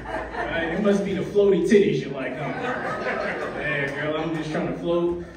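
Rambling comedy host, echoey club. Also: male voice, a little high, normal speed. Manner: loose, rambling, teasing the audience. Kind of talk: stand-up crowd work. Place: comedy club with live audience. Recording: roomy echo, distant mic, crowd laughter.

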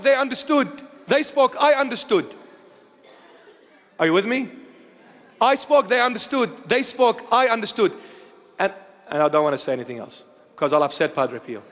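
A man of Assyrian heritage preaching a sermon, telling stories in an animated way that swings between loud declarations and hushed asides. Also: very high voice, in a large hall.

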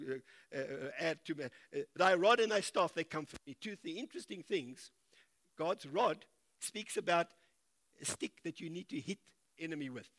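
High-voiced animated male pastor preaching. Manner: animated, swinging loud and soft, repeats and stammers. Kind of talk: sermon. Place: church service, streamed online.

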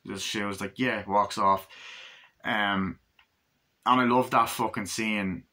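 A man giving a casual, rambling movie review, acting out scenes in quick bursts. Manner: rambling, acts out scenes in high excited voices.

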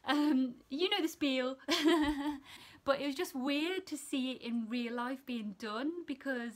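Chatty young woman vlogger, high voice. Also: takes it slowly. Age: young adult. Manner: chatty, animated, sidetracks and laughs often. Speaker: student nurse vlogger. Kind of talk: casual storytelling to camera.

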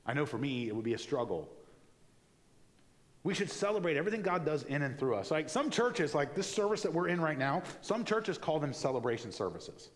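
Male pastor, sermon delivery, conversational and animated, slightly high voice, long church reverb. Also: fairly quick. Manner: conversational, animated preaching with acted-out asides. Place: church sanctuary.

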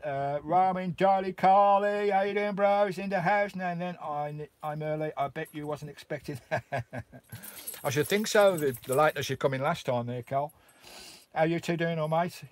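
A man's voice: fairly high pitch, moderate pace, dry recording. A Welsh man from Wales, chatting casually on a live stream and greeting viewers as mate and bro from his camper van. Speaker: vlogger hosting a live stream. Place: inside his camper van in a remote valley.

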